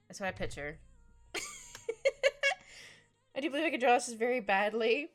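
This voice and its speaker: A woman's voice: a little high, expressive, normal speed, long pauses. A young woman chatting casually and playfully with her viewers as she draws on a live stream, laughing often. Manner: giggly, playful, talks to chat. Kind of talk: casual chat while drawing. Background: faint music.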